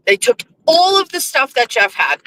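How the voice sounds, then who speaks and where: A woman with a bright, forceful voice tells a rambling story as host, swearing freely and leaning on fillers. Her pitch sits a little high and swings widely as she talks. The delivery is loose and conversational. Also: huge pitch swings, normal speed, a little hiss or hum, poor audio. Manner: chatty, profane, filler-heavy storytelling. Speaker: radio show host. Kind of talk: casual storytelling monologue.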